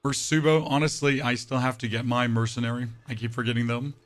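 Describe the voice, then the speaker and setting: A male game streamer chats casually with his live audience, bantering and reading messages aloud with sarcastic side comments. His voice is temporarily deeper and rougher than normal, and he talks fairly quickly with little pitch movement.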